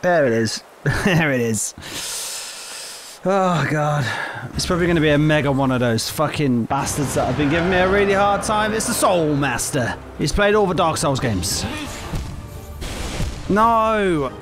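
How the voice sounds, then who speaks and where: A man giving foul-mouthed, excitable let's-play commentary over a video game. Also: on the high side, a little slow, pauses often. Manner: profane, excitable reactions. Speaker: gaming YouTuber. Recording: game music playing loudly underneath.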